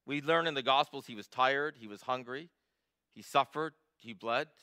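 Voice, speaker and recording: A male pastor preaching a sermon, moving from quiet, reflective storytelling to emphatic, rising passages. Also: medium pitch, normal speed, clean tone. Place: church.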